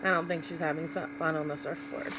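A woman reads a picture book aloud to children, pausing to ask the young listeners about the pictures. Her voice sits low with a level tone and quick pace, and the recording is very noisy.

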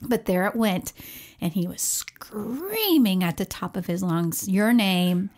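A woman's voice: medium pitch, lively intonation, takes it slowly, a little mellow. Woman podcast co-host, chatty storyteller, laughs easily, acts out quotes. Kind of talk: casual storytelling chat.

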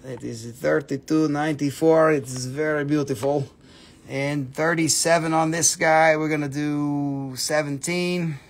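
A man's voice: on the high side, fairly even intonation, a little slow. A man hosting a live sale stream from a phone indoors, chatty and playful as he rattles off prices. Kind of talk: casual live-stream selling. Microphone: phone camera.

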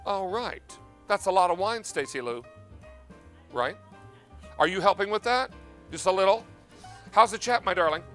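An upbeat man hosts a live shopping broadcast in a studio kitchen. His voice sits a bit high for a man, and soft music plays underneath as he talks. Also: expressive, moderate pace, pauses often. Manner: upbeat, chatty, emphatic sales pitch. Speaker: TV shopping host.

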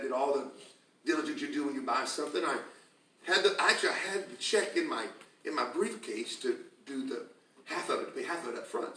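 A man preaching a sermon to a congregation, telling stories with laughter and rising to shouts. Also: medium pitch. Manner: storytelling, laughing, building to shouts. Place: church sanctuary with congregation. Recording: echoey church from a distance.

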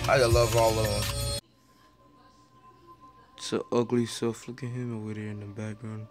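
Casual vlogger man, joking and teasing, medium-pitched voice, phone in hand. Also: lively intonation, measured pace, long pauses, over music. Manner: playful, teasing banter. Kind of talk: casual vlog chat. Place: in a car. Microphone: handheld phone.

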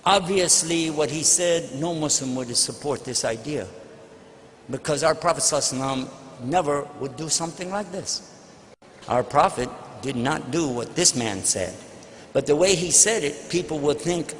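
Brief: man with a high voice, lecturer telling stories emphatically, long hall reverb. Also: lively intonation, fairly quick, a bit bright. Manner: anecdotal, emphatic storytelling. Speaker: religious lecturer answering questions. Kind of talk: lecture with audience Q&A. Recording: echoey hall with faint noise.

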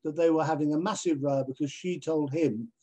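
A man, a television presenter, telling anecdotes in an animated way over a video call and acting out other people's voices. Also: on the high side, a little fast. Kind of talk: anecdotal storytelling in a conversation.

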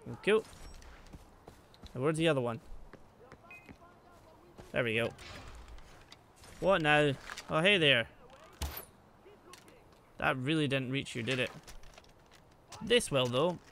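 A man talks over his gameplay with a bright, sharp voice that rises and falls a lot. He mutters to himself and throws joking asides at his foes, with faint game noise underneath. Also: medium pitch, expressive, slow, vocal fry, long pauses. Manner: chatty, muttering to himself, jokey asides to enemies. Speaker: gaming let's play host. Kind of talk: let's play commentary.

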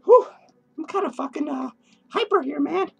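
A man playing an unhinged, foul-mouthed clown who rants in a high, shrill voice with cackling laughs, tipsy and hyper, in a comedic character vlog. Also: animated, moderate pace, creaky, darkish tone, heavily acted. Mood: manic ranting. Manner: crude swearing rants, giddy and drifting. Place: home studio.

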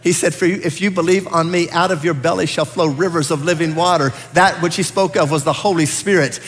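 A man with a high voice preaching a sermon in a church sanctuary. He talks earnestly and builds up to emphatic peaks. His words ring out with the long reverb of a big hall. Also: steady tone, fairly quick, hardly any pauses, fairly bright tone. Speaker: pastor.

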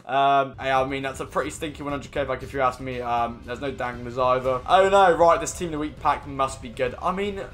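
A man's voice: mid-range voice, fairly quick, hardly any pauses, fairly bright tone. A young man giving casual, slangy pack-opening commentary as a gaming YouTuber, rambling with lots of fillers.

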